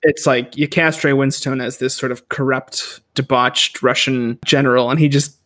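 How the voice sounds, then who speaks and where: A man with a middle-range voice criticizes film casting and characters in a relaxed podcast conversation. He is opinionated and animated, and quick to call something terrible. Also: medium pitch. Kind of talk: casual movie review chat.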